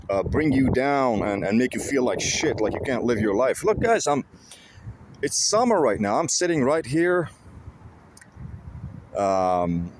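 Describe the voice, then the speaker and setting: Male vlogger, middle pitch, outdoors by a lake, intense and profane, repeats himself, faint background hiss. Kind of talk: casual monologue to viewers.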